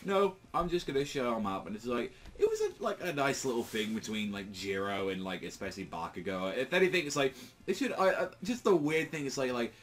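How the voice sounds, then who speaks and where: A man's voice: mid-range voice, big pitch swings, a little fast. A man giving a casual, rambling manga chapter review, full of filler words and swearing.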